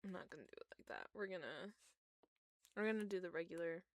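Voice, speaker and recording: A woman's voice: lowish voice, fast talker, dry recording. A young woman chatting casually while she draws fan art, emotional and gushing, groaning and squealing. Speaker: streamer drawing fan art. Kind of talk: casual chat while drawing.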